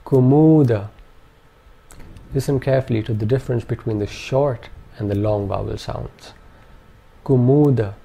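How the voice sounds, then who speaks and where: A man calmly narrating a pronunciation lesson with measured, precise enunciation. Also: fairly low pitch, vocal fry, husky. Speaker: language teacher. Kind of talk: instructional narration.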